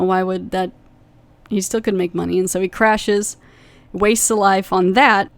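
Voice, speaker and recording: A woman's voice: medium pitch, darkish tone, no room sound. A young adult woman hosting a podcast, casually recapping a TV episode in a rambling way with lots of fillers. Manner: rambling, with many fillers and quick acted quotes. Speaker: podcast host reviewing a TV episode.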